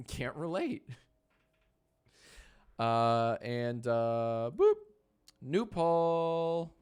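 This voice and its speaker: A man's voice: mid-range voice, lively intonation, drawn-out words, pauses often, clean tone. A man in his thirties casually streaming from his home editing room, joking with chat, running polls and cooing at his dog. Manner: soft baby talk to his dog.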